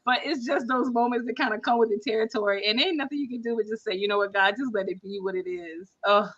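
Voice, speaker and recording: A woman hosting a casual panel podcast, talking in a lively, conversational way. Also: a little high, fast talker, muffled recording. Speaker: podcast host.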